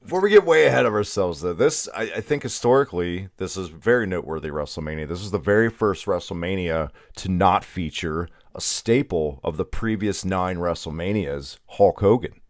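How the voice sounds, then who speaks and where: A man's voice: deep voice, expressive, a little fast, few pauses, no room sound, clean studio sound. A man in his thirties chatting casually as a podcast guest, wry and opinionated as he tells stories. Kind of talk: casual chat.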